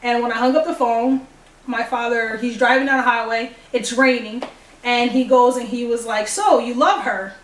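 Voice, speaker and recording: A woman's voice: on the high side, moderate pace, slight background noise. A young woman telling a personal story to the camera, acting out the dialogue as she goes. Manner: animated, acts out dialogue. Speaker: vlogger. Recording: echoey room, distant mic.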